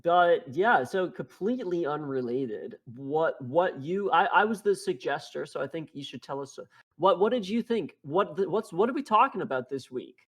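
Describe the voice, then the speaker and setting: A man's voice: fairly high pitch, animated, normal speed, few pauses. Rambling male podcast co-host. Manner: rambling, with frequent restarts and laughs. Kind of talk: casual chat.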